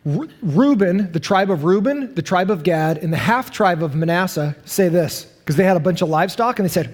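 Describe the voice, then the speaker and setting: A man preaching a sermon as pastor, animated and acting out the voices of the people he quotes. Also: high-pitched, fairly quick. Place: church sanctuary. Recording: long hall reverb.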